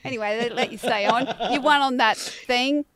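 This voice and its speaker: A woman's voice: a little high, normal speed, crowd noise. A woman with an Australian accent hosting a podcast, bantering and laughing with her guest in a teasing way. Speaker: podcast host. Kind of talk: casual podcast chat.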